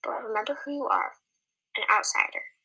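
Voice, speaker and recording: A woman voicing a stern, protective tribal elder who speaks in a hushed, urging way in a storybook reading. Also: fairly high pitch, normal speed, slightly rough, heavily acted, rough recording.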